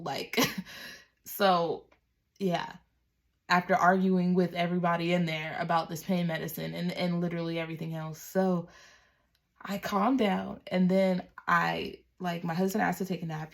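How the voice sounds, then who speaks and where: Young woman, low gravelly voice, chatty personal story to camera, acts out dialogue. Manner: chatty, many "like"s, acts out quotes with raised voice. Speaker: mother telling her birth story.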